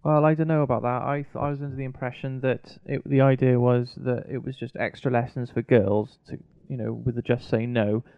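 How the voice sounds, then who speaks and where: A gravelly yet smooth man chimes in on a casual podcast chat with wry, sarcastic comments. The sound is dry and dull, with a lo-fi quality. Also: mid-range voice, flat delivery, fairly quick, few pauses.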